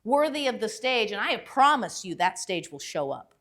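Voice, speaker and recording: A woman's voice: mid-range voice, very animated, normal speed, fairly bright tone. A woman voicing a stern, demanding woman boss who talks bluntly. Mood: scolding. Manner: blunt, scolding.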